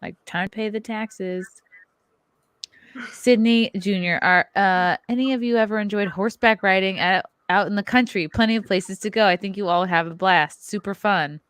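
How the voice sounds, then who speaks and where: A woman's voice: medium pitch, normal speed, fairly bright tone, clean tone, no echo, studio quality. A woman hosting a casual group podcast, playful, reading chat messages aloud. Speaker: podcast host.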